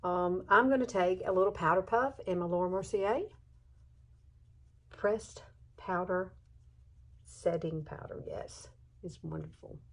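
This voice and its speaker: A tired woman, chatting softly and at times haltingly through a makeup tutorial at home. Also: on the low side. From southern United States. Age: 50s. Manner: soft-spoken, hesitant, emotional at times. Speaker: beauty vlogger. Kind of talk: casual makeup tutorial chat.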